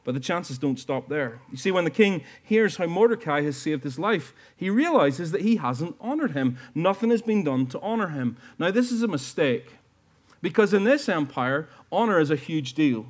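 A man's voice: on the high side, big pitch swings, normal speed. A man preaching a sermon to his church, earnest and building to emphatic peaks. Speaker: pastor.

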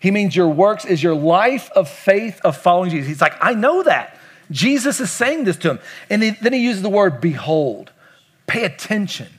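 A man's voice: sits high, sing-song, moderate pace, slightly rough. A middle-aged male pastor from Kentucky, preaching a sermon emphatically and asking the congregation questions. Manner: emphatic, asks the congregation questions and repeats lines.

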